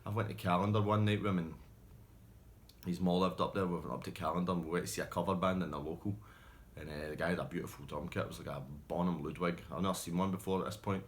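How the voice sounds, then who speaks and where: A man's voice: low voice, fairly even intonation, fast, a little hiss or hum. A man telling rambling pub stories casually, often laughing and restarting. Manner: rambling, laughing, self-interrupting. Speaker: storyteller.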